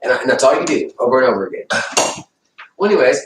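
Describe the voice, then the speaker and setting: Fast-talking, cussing man storyteller. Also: mid-range voice, big pitch swings, background noise. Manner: fast, profane storytelling, acts out quotes loudly. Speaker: livestream host. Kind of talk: casual chat. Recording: echoey room, far from the mic.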